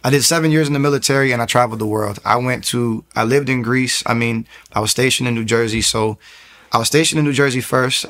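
A young man telling his personal testimony in a rambling, animated way, with frequent restarts and acted-out quotes. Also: medium pitch. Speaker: testimony speaker.

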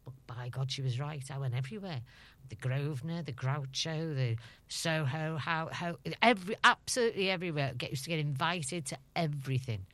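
A woman's voice: deep voice, fairly quick, fairly bright tone, no echo. A middle-aged woman from Liverpool with a Scouse accent, chatting as an interview guest, laughing often and acting out the dialogue of her anecdotes. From Liverpool, England. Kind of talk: storytelling interview.

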